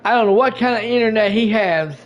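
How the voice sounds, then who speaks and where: A man's voice: high-pitched, a little fast. A man hosting a podcast, telling a casual story full of restarts and repeated words. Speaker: podcast host. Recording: dull lo-fi stream audio.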